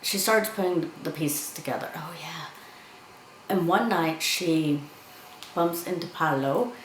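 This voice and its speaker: A woman with a low, deep voice talks through a film's plot in a loose, chatty way, slipping into the characters' lines as she goes. Her voice rings in an echoey room, with a faint hum of background noise. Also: unhurried. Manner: chatty, retells scenes by acting out quotes. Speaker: film reviewer. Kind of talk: casual film review and plot retelling.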